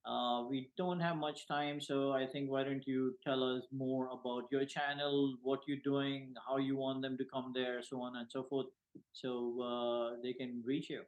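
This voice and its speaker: Man hosting a relaxed interview. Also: medium pitch, a little slow, narrow, tinny audio. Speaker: interview host. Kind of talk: casual interview talk.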